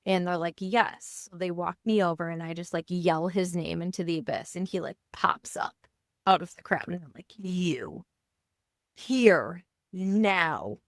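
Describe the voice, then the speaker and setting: A woman's voice: on the low side, moderate pace, dry recording, clean studio sound. A woman in her thirties, a podcast co-host, telling a personal story in a casual chat and acting out the dialogue as she goes. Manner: animated, acts out dialogue in her retelling.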